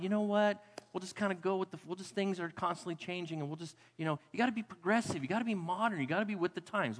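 A male pastor preaching a sermon in a church with emphatic delivery, repeating key phrases and dropping to a hush for weight. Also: fairly high pitch. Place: church sanctuary. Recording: long hall reverb.

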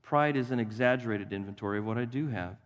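A man preaching a sermon as pastor, animated and acting out the voices of Bible figures for his congregation. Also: mid-range voice, fast. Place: church sanctuary. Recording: long hall reverb.

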